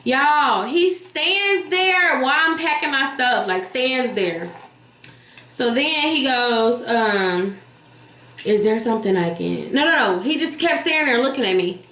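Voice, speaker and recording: A woman vlogger telling a story in casual, animated chat, blunt and profane, talking straight to her viewers. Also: sits high, a little slow. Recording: echoey room with faint hiss.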